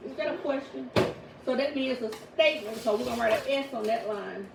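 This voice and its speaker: A woman in her thirties leads a home grammar lesson in a firm, deliberate way, her voice pitched high. The recording is roomy and echoey, caught from a distance. A steady background noise sits under her speech. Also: vocal fry. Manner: firm, slow and deliberate when reading sentences aloud. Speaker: homeschooling mother teaching her children. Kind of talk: classroom instruction. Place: home table with children. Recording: echoey room, mic far off, background noise.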